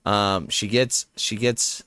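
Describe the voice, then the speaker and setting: A man, a wrestler guest on a podcast, talking in a measured way, sometimes searching for words. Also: lowish voice, fairly even intonation, pushed and bright, clear, resonant tone. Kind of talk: casual podcast chat.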